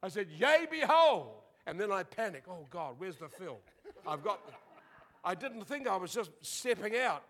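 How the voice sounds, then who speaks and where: A man with a notably high voice preaches a sermon, telling a story with lots of energy. He acts out the quoted lines and slips in laughs as he goes. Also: expressive, moderate pace, fairly bright tone.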